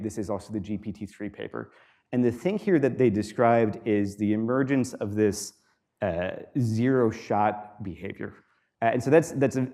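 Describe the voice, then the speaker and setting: A man giving a university guest lecture in a relaxed, explanatory way, with frequent fillers, repeating students' questions aloud. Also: fairly low pitch. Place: lecture hall.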